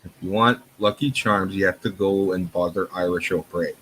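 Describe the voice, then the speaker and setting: A man's voice: sits low, fairly even intonation, normal speed, fairly bright tone, a little hiss or hum, rough recording. A man co-hosting a live stream, throwing in dry quips and laughing often. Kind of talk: casual chat.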